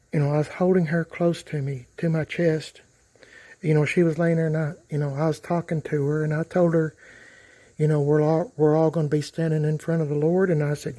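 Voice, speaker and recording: A middle-aged man rambles to his vlog audience, circling back with lots of fillers and restarts. His voice sits a bit high for a man but has a mellow, relaxed tone. He is talking outdoors by a garage. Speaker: YouTube vlogger. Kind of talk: casual talk to camera.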